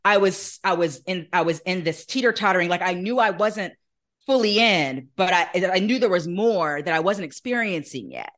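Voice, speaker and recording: A woman with a slightly low voice speaks as a guest in a podcast interview. She tells her story earnestly and with animation, acting out the voices she quotes in a conversational flow. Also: expressive, moderate pace, fairly bright tone.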